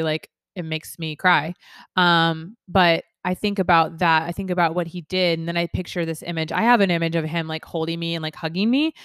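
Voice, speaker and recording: A woman's voice: medium pitch, fairly bright tone, dry recording. A woman, probably in her thirties, giving an informal and heartfelt devotional teaching, earnest and full of fillers and restarts. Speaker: Christian teacher.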